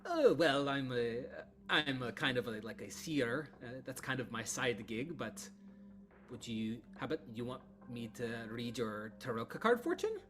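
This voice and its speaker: A man's voice: medium pitch, big pitch swings, a little slow, a bit bright. A man doing a chatty cheerful young seer woman. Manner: chatty, upbeat.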